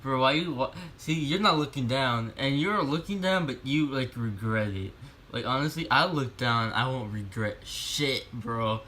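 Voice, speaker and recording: A young man vlogging alone at home, crude and swearing, going from mumbling to loud outbursts. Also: mid-range voice, lively intonation, measured pace, a little hiss or hum. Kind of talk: casual solo vlog. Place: home room.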